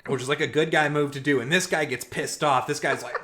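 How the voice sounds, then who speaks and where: A man's voice: fairly high pitch, fast. A man co-hosting a podcast, telling a story in casual chat, swearing and acting out the people he quotes. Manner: animated, acts out quoted people, swears often. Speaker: podcast co-host. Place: room, recorded in person.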